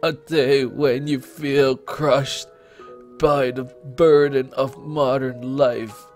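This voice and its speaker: A man putting on the slow voice of a gentle, dying old grandfather. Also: medium pitch, level tone, faint music behind. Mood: tender. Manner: reads very slowly.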